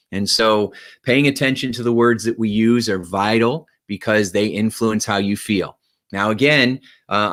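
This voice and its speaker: A man giving an energetic motivational talk to his viewers, often checking in with "right?" and "okay?". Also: fairly low pitch. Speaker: motivational speaker.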